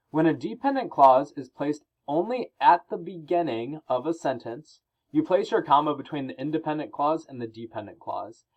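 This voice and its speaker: A man's voice: fairly high pitch, a little mellow, muffled recording. A male teacher explaining grammar rules in a recorded lesson, talking through examples with fillers and occasional self-corrections.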